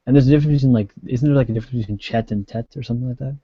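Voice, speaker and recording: A man's voice: mid-range voice, racing, no echo, highs cut off. A man co-hosting a casual discussion on a video call, talking chattily with lots of "like" and fillers. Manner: chatty, filler-heavy, many likes. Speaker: co-host.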